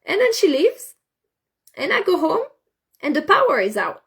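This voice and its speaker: A woman telling a story in casual talk, animated, often repeating and restarting words. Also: very high-pitched, normal speed, gravelly.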